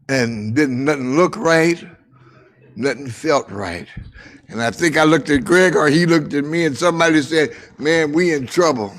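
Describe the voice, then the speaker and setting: Telling a personal childhood story, an older man speaks in a voice a little on the high side. He repeats phrases, uses dramatic pauses, and lowers to a hush at tender moments.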